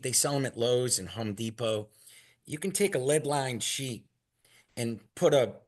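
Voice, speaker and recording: A man telling a long, rambling story in a casual, animated way and acting out what others said. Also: medium pitch. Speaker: product maker telling stories as a guest.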